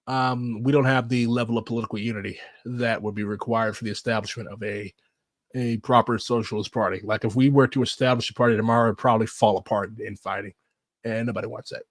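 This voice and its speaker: A man's voice: fairly low pitch, fast, no room sound, studio quality. A man giving casual, blunt political commentary while reacting to clips, swearing and saying "like" a lot. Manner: blunt, animated, swears, fillers like "like".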